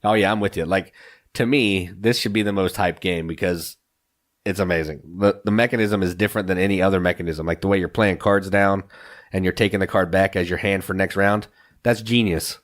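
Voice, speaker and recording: A man with a lowish voice gives his views in a casual podcast chat. He is emphatic and opinionated, pressing his points with conviction. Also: steady tone, a little fast. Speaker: podcast co-host.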